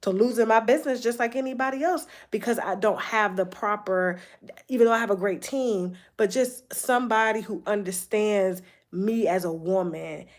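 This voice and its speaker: A woman hosting a celebrity gossip show delivers a candid personal monologue, blunt and heavily profane, repeating phrases for emphasis and restarting often. Her voice is medium-pitched and her pace moderate.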